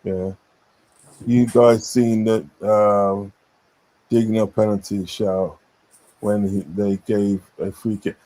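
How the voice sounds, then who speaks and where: A man's voice: fairly low pitch, little pitch movement, takes it slowly, pauses often, mellow, low-quality recording. A man hosting a live football stream, chatting bluntly and reading viewer comments aloud. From English Midlands. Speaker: stream host. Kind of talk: casual live stream chat.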